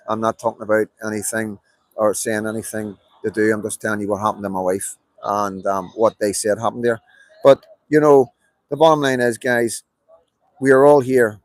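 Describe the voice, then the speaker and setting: Middle-aged Belfast man, mid-pitched, emphatic live-stream rant, dry recording. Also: dry recording, low-quality recording. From Belfast, Northern Ireland. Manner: emphatic and repetitive, many fillers. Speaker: livestreamer. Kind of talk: rambling live political monologue.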